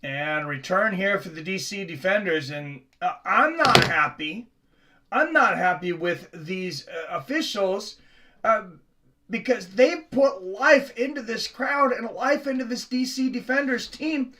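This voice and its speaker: A man's voice: sits high, expressive, measured pace, sharp tone, slight background noise. A man from the Seattle area hosting a live sports reaction stream, chatting casually with viewers between plays.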